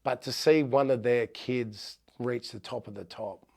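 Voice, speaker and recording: A man's voice: medium pitch, measured pace, a little mellow. A middle-aged Australian man, a former rugby league player, telling heartfelt stories in a podcast interview with frequent restarts.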